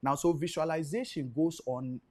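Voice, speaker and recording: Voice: medium pitch, normal speed, darkish tone. A guest explaining spiritual ideas patiently, often checking that the listener follows. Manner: patient teaching, checks understanding. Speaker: studio guest.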